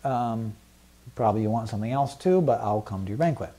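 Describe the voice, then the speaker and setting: Guy doing an easygoing king, offhand and casual, warm voice. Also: fairly low pitch, animated, fairly quick. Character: easygoing king, man, indulgent.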